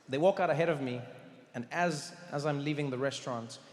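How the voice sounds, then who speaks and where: A man's voice: fairly high pitch, a little fast. Male comedian doing stand-up in a big hall. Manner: animated storytelling, playful. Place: large live venue with audience. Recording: live hall with long reverb, faint ambience.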